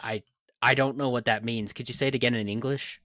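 A man's voice: mid-range voice, fairly even intonation, brisk, pushed and bright, dry recording. A man telling odd family anecdotes in a casual chat with friends, sometimes puzzled and defensive.

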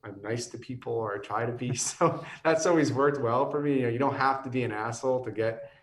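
A man in his thirties, appearing as a guest from a whiskey company on a podcast, talks casually and rambles with many restarts. He sounds tired and is losing his voice, which is medium-pitched and brisk, recorded far from the mic in a reverberant space.

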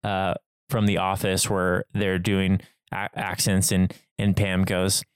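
A man's voice: low-pitched, completely flat delivery, takes it slowly, clean tone, dry recording, clean studio sound. A man from the United States co-hosting a podcast in a casual chat, rambling with many restarts and fillers. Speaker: podcast co-host.

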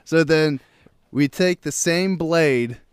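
A man's voice: a little high, slow pace, clear, resonant tone, no room sound, clean studio sound. A young man telling a story on a casual podcast, laughing often, swearing and acting out what people said.

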